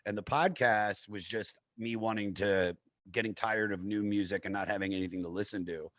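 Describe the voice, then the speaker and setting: A man's voice: fairly low pitch, fairly even intonation, brisk, a bit bright, no echo, studio quality. A man who is a comedian, talking as a podcast guest in a rambling, self-mocking way and swearing freely. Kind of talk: casual podcast chat.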